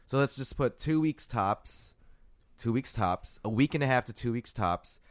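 A sick man with a raspy, hoarse voice, rambling laid-back in a casual podcast chat and swearing often. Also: medium pitch, expressive, moderate pace, no echo. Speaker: podcast co-host.

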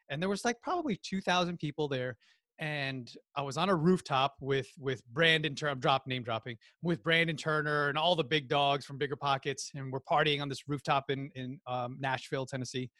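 A man with a New Jersey accent, a podcast guest telling animated stories and acting out quotes in casual chat. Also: mid-range voice, fairly quick, dry recording, clean studio sound. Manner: animated storyteller, acts out quotes.

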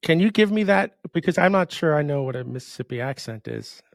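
A man's voice: fairly high pitch, expressive, brisk, vocal fry, no room sound, studio quality. A middle-aged man hosting a casual conversation, emphatic and full of questions. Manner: emphatic, asks lots of questions. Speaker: host.

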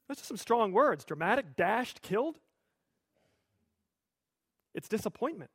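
A pastor preaching a sermon in a conversational, lightly humorous storytelling manner. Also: male voice, sits high, sing-song, unhurried, pauses often, husky, no room sound, studio quality.

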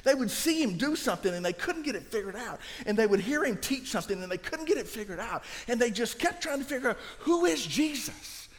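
A man preaching a sermon as a guest pastor, swinging from soft passages to shouting. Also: extremely high pitch, expressive, fast talker, few pauses. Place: church sanctuary. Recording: reverberant church hall.

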